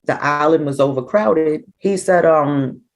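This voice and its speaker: A middle-aged woman, a grieving mother recounting events in an interview, animated and acting out what people said. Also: deep voice, a little slow, poor audio. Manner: animated, acts out quoted dialogue. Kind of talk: emotional personal storytelling.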